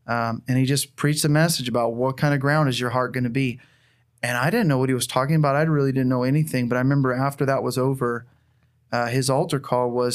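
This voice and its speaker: A man's voice: medium pitch, flat delivery, a little fast. Earnest man sharing a heartfelt testimony. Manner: earnest, heartfelt storytelling with frequent restarts. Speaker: church planter. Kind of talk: personal testimony in a conversation.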